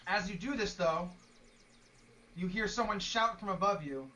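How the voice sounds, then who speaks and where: A game master running a tabletop session, making easygoing rulings and quick asides. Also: medium pitch, sharp tone, distant mic, a little hiss or hum.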